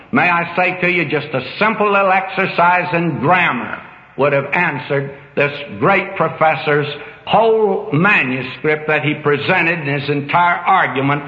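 Older male preacher, folksy and emphatic, lively swooping pitch, dull lo-fi hall sound. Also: a little slow. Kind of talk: sermon. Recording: dull echoey hall recording.

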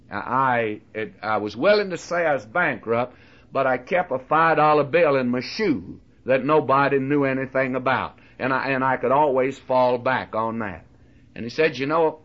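An older man preaching a sermon in a folksy, earnest way, drawing on homely illustrations and addressing listeners as friends. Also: medium pitch. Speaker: radio Bible teacher. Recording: dull lo-fi recording.

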